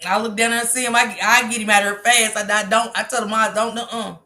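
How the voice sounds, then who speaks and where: A woman's voice: fairly high pitch, level tone, fast talker, pushed and bright. A woman hosting a casual livestream, reading the chat aloud and bluntly scolding commenters. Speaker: livestream host.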